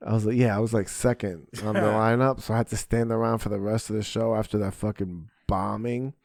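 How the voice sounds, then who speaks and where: A man's voice: fairly low pitch, steady tone, fairly quick, vocal fry, a little mellow, dry recording, studio quality. A young adult man, a podcast host and stand-up comedian, telling a story in casual chat and acting out his own stage lines.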